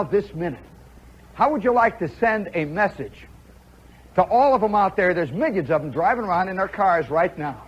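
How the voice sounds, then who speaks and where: A man's voice: sits high, fairly bright tone, a little hiss or hum. A middle-aged man hosting a live radio show, telling a story animatedly to an audience and mimicking play-by-play. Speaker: radio host. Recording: dull 1960s radio broadcast recording.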